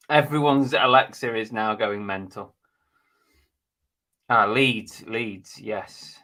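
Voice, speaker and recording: A man's voice: fairly low pitch, takes it slowly, pauses often, sharp tone. A man hosting a casual live stream, chatting bluntly and jokily while reading out viewer comments.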